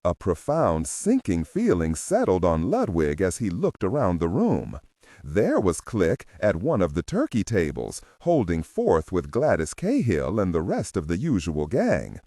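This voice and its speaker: A male audiobook narrator reading a thriller with a deep, husky voice. His pitch swings widely as he reads. The sound is dry and close, with no room around it. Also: huge pitch swings, a little slow, dark tone, no room sound. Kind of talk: scripted narration.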